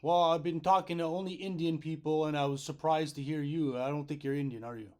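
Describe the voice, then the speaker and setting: A man's voice: a little high, fairly even intonation, brisk. A man, a self-publishing author, making a frustrated complaint call to customer support and often tagging his points with "right?". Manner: frustrated, insistent, keeps asking 'right?'.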